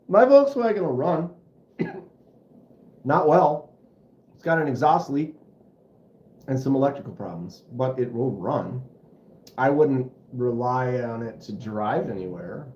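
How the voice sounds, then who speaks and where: A man hosts a relaxed livestream, telling meandering stories and acting out engine sounds along the way. His voice sits in a roomy space and comes through a little dull and muffled. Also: medium pitch, takes it slowly, pauses often. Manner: rambling, animated storyteller who mimics engine sounds. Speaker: livestream host. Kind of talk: casual livestream chat. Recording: roomy, slightly dull home stream audio.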